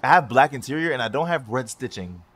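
A man's voice: mid-range voice, animated, fast talker, a bit bright. A young man hosting a casual gaming vlog at his home racing simulator, talking in a hyped, joking, profane way. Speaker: sim racing YouTuber. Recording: music and game car sounds behind.

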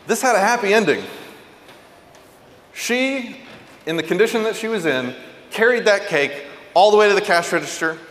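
A man giving a parenting talk, telling stories earnestly and going soft and low for tender points. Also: moderate pace, pauses often, long reverb tail. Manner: earnest, animated storyteller, drops soft and low for tender moments. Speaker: parenting speaker. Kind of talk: motivational talk.

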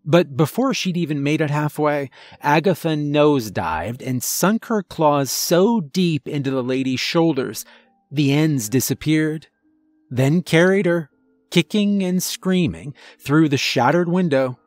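A man narrating a first-person horror story in a measured, dramatic storytelling manner. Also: fairly high pitch, animated, no echo, soft background music.

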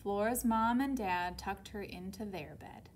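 A woman librarian reading a children's picture book aloud, expressive, with soft asides to her listeners. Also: medium pitch, measured pace, slight background noise.

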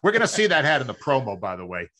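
A middle-aged man from Massachusetts, co-hosting a sports podcast in a measured, explaining way. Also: big pitch swings, bright, forceful tone. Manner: measured, explaining, lower when reflective. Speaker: producer and co-host. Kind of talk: casual sports talk.

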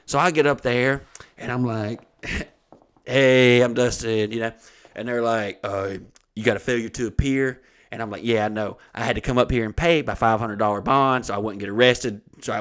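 A man's voice: medium pitch, brisk. A man, hosting a comedy podcast and telling a long story, swearing freely and acting out the other people in it. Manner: profane, animated storytelling with acted-out voices. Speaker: comedian host.

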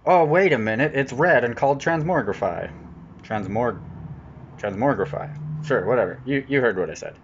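A man chatting casually while opening trading card packs, jokey, with sudden excited outbursts. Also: medium pitch, fast talker, hardly any pauses, dull audio, noisy background. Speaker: channel host unboxing cards. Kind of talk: casual unboxing commentary. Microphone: off-camera voice-over mic.

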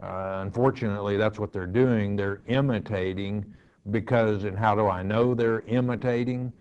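A male pastor answering listener questions in a slow, measured, firm and matter-of-fact way, teaching from the bible. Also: on the low side, steady tone, darkish tone, clear, resonant tone, muffled recording.

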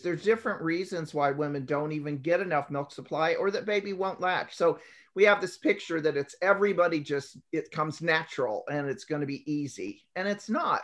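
A woman nurse on a talk show, explaining in an earnest, list-like way. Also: low-pitched. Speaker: guest nurse. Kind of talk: conversational expert talk.

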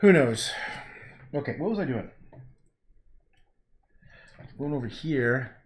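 A man talks his way through a painting session on a livestream, grumbling at his brushes and his own mistakes. His voice sits at an ordinary pitch but swings up and down a lot as he mutters and half-whispers asides to himself. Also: animated, slow. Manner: muttering self-talk, scolding his own work. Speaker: painter streaming his work. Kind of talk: livestream commentary while painting.

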